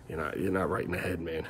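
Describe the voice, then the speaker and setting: A man's voice: low-pitched, a bit bright, slight background noise. A middle-aged man vlogging a frustrated, rambling rant to the camera, repeating himself and swearing, recorded on a phone. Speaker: family vlogger.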